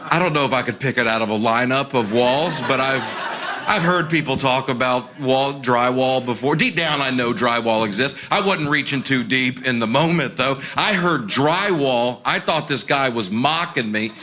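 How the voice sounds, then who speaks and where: A man doing stand-up comedy, telling self-deprecating stories in a deadpan way and acting out other people's lines. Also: medium pitch, moderate pace. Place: theater stage with a laughing audience. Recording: live show with audible audience noise.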